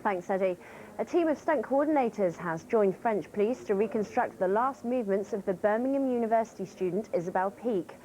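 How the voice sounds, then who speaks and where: A woman reading a short news bulletin in a steady, clear way. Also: medium pitch, brisk, rough recording. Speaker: newsreader.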